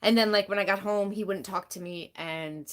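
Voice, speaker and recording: Woman live streamer, mid-pitched, candid and rambling, answers chat as she talks. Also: moderate pace. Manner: candid, rambling, heavy use of "like"; reads and answers chat comments. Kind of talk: casual live-stream talk.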